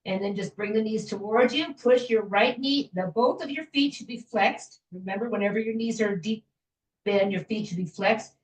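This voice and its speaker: A woman fitness instructor guiding a floor stretching class in a gentle, chatty way, with small jokes about herself. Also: medium pitch, moderate pace, distant mic. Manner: gentle, chatty, self-joking with little laughs. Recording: echoey room, voice from afar.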